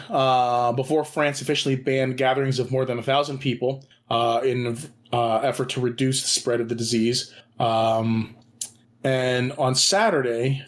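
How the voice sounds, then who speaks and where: A man co-hosting a podcast, reading out an odd news story casually and haltingly, with lots of ums and uhs. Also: medium pitch. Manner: halting, heavy on fillers.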